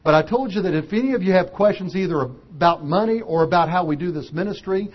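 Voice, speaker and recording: A man preaching a sermon, an animated storyteller who acts out the voices of characters. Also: high-pitched, fast, breathy edge, lo-fi sound.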